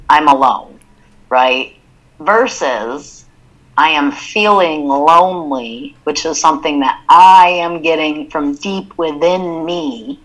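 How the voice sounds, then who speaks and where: A woman co-hosting a podcast talks casually and reflectively, working through ideas with examples. Her voice sits low, and the recording is rough.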